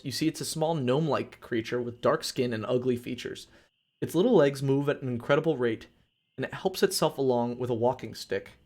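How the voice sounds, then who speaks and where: A man reading a gamebook aloud on a live stream, mixing steady narration with casual, crude asides. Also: mid-range voice. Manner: casual and crude, reads narration then chats.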